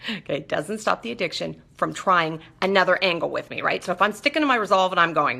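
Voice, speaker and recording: Woman host talking straight to viewers, lower voice with lots of gravelly fry, keeps asking okay? right?. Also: animated, a little fast, sharp tone. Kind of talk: casual live monologue.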